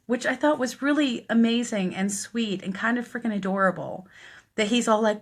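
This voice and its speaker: Speaking fairly quickly in a voice on the high side, a death doula shares a personal story during a live stream. Her manner is earnest and conversational, with lots of fillers.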